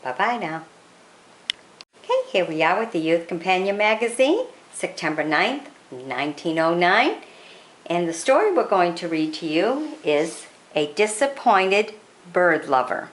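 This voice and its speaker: Woman hosting story readings, lower voice, animated delivery, faint background noise. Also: a little slow, reverberant. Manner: chatty, lively sign-offs. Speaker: channel host introducing readings. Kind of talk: casual spoken introductions.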